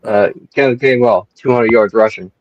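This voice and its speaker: A man guesting on a sports podcast, joking loudly and boisterously. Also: lowish voice, moderate pace, dry recording, muffled recording. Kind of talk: casual sports podcast chat.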